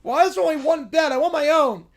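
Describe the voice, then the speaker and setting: A man's voice: very high voice, quick pace, pitched above the performer's own voice. A man voicing a spoiled, demanding little girl who calls herself a princess, in a whiny, bossy way.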